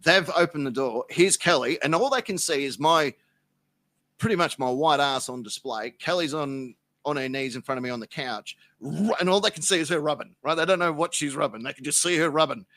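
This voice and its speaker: A man's voice: on the high side, fairly quick, fairly bright tone, dry recording. An Australian man, a podcast guest, telling a rambling, profane anecdote in casual chat. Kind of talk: casual storytelling.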